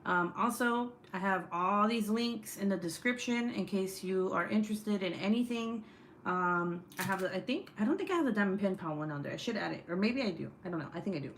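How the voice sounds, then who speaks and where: A woman's voice: mid-range voice, animated, brisk. A young woman hosts a loose, chatty true crime livestream from her home desk. She swears freely and reads viewer comments aloud in an offhand way. A faint hiss sits under her voice. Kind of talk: casual livestream chat. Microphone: desk setup, phone or webcam.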